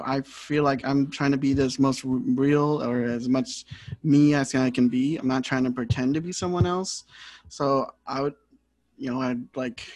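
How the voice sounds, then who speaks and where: A young adult man who raps, co-hosting a podcast and talking in a halting way, full of fillers and restarts. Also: medium pitch, dry recording. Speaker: podcast co-host and rapper. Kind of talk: casual chat.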